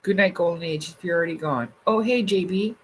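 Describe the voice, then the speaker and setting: Speaking briskly in a voice on the low side, a woman runs a relaxed livestream, going through comments and talking loosely with viewers. Fillers crop up constantly, and she swears freely. Slight background noise comes through the poor recording.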